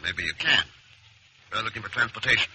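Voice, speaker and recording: A dry, cool American hero. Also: male voice, lowish voice, a little fast, pushed and bright, slightly rough, exaggerated voice, low-quality recording. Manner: dry, cool, self-assured. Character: cool, confident American adventurer man. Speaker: hero investigator. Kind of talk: 1940s radio acting. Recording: very hissy old radio recording.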